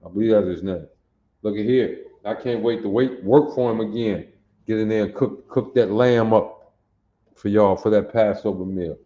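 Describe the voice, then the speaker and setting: Man in his sixties, low voice, dark tone, echoey room, muffled sound, folksy livestream teacher. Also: steady tone, moderate pace. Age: 60s. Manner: folksy, repeats "you see that?" to viewers. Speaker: language class teacher. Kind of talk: livestream lesson.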